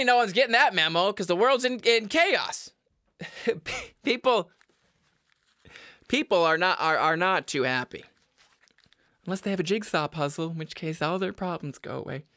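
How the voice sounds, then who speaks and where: This time the young podcast host's voice sits on the high side, pushed and bright, as he delivers an exasperated, casual rant full of swearing and laughter. The headphone-mic recording is clean studio sound with no echo.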